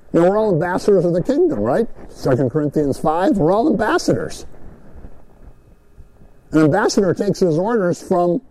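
A man's voice: fairly high pitch, slight background noise, rough recording. A man teaching the Bible to a group in a conversational sermon, often checking in with "right?" and acting out the people he quotes. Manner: animated, asks "right?", acts out quoted speakers.

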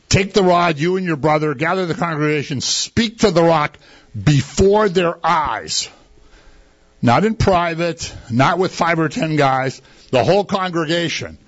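Slow, husky male preacher. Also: on the high side, animated, highs cut off. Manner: conversational, asks the congregation rhetorical questions. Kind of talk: sermon.

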